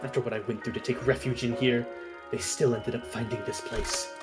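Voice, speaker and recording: A man voicing a quiet, bitter projector machine. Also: medium pitch, little pitch movement, a little fast, music in the background, voice pushed down, natural voice. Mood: bitter, cold. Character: cold, bitter hiding machine projecting messages.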